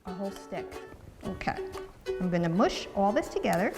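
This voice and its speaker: A woman's voice: mid-range voice, big pitch swings, normal speed, in a large hall, over music. A woman from New Jersey, chatty and upbeat, talking through a recipe in a casual cooking vlog. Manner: chatty and upbeat, laughs easily.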